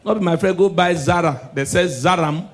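High-voiced Nigerian comedian, loud and animated. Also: male voice, moderate pace, a little hiss or hum. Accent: Nigerian Pidgin English. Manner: loud and animated, shouting punchlines. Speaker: stand-up comedian. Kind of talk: stand-up comedy set.

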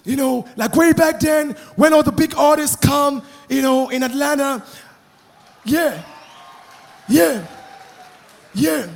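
Comedian doing a high-voiced pop star with a fake American accent that keeps slipping into Nigerian, lazy and full of fillers. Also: male voice, slow pace, creaky, pauses often, heavily acted. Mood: drawling. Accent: Nigerian English slipping into put-on American. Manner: laid-back, drawling, filler-heavy. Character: impression of a male Nigerian pop star faking an American drawl.

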